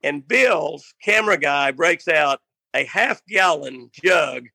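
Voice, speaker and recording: A man's voice: on the high side, lively intonation, slow, gravelly, bright, forceful tone, dry recording. An older man telling a funny fishing story in a casual, rambling way, restarting lines and laughing at his own tale. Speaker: guest storyteller.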